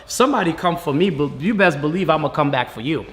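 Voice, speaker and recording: A man with a fairly high-pitched voice tells his story in a loose, conversational way. He switches into the voices of the people he quotes to act out what they said. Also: fast talker, slight background noise. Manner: lively retelling that acts out quoted dialogue. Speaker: father interviewed as a guest. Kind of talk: casual storytelling.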